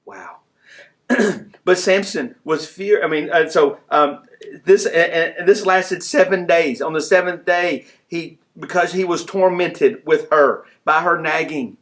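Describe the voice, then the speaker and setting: A man preaching a sermon in a conversational style, acting out characters in quick asides. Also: on the high side, fairly bright tone. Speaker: pastor.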